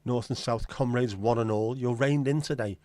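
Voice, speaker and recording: A man's voice: mid-range voice, moderate pace, a little mellow, no room sound. A man with a Scouse accent, hosting a livestream in casual, blunt, sweary banter with his viewers. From Liverpool, England. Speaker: livestream host.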